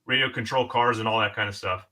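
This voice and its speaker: A man co-hosting a casual toy chat show, excitable and cursing often. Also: on the low side, fast. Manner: excitable, swears freely, repeats "dude". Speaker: co-host.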